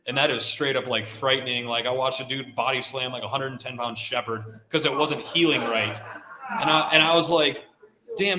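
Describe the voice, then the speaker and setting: A middle-aged man who handles avalanche dogs gives a casual talk to a live audience, relaxed and chatty with lots of "like" fillers. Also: mid-range voice. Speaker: guest speaker, avalanche dog handler. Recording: roomy hall sound.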